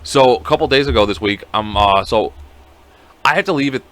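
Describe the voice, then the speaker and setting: A man's voice: medium pitch, a little fast, a bit bright. A young man telling a rambling, profane story in a casual podcast chat, quoting the people in it. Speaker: podcast co-host.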